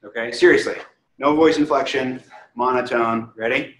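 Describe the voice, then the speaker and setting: A man leading a real estate training class, energetic and coaxing, often putting questions to the room. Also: mid-range voice, moderate pace. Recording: echoey room from far off, faint hiss.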